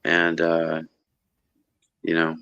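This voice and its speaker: An easygoing man joins a stream chat, talking in a lowish voice with a bright, forward edge. He pauses often on ums and uhs. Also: completely flat delivery, vocal fry, clean tone, dull audio. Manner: easygoing, hesitant fillers. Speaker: stream guest. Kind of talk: casual chat.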